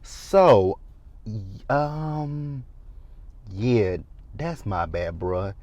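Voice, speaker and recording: A man hosting a casual TV recap, animated and profane, laughing often as he retells scenes. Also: fairly low pitch, drawn-out words, no room sound. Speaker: TV show recap host.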